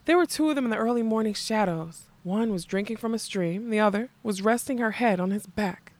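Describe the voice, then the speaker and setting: Woman voicing a mad old king, soft menace, rapt, storybook, middle pitch. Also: brisk, lightly acted. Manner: soft and menacing, turning fierce and childlike. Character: old mad grim male king, cold and possessive.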